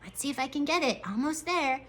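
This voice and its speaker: A woman teacher leading a young class through a writing lesson, sounding out letters slowly and praising the children as they work. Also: high voice, expressive. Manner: slow, drawn-out letter sounds. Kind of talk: early-grade writing lesson.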